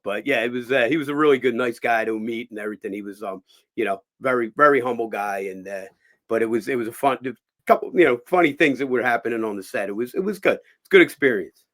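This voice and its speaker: A man from Philadelphia, hosting a casual chat show, spins a long anecdote with a voice of middling pitch. He leans into every quoted line, switching voices and raising his volume for the punchlines. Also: fast. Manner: animated storyteller, acts out quotes with loud impressions. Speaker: host. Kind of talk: storytelling chat.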